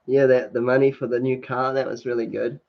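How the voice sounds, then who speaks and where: A man running a casual livestream reads comments and chats briskly, with plenty of fillers and laughs. His mid-range voice is level and carries vocal fry. He's indoors at home on a sunny day, recorded in dull lo-fi stream audio.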